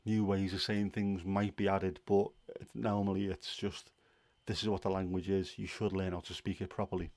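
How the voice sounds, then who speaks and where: Chatty man, low dry voice. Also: level tone, normal speed, few pauses, a little mellow, no room sound. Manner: chatty, opinionated, rambling with fillers. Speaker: livestream host. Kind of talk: casual livestream chat.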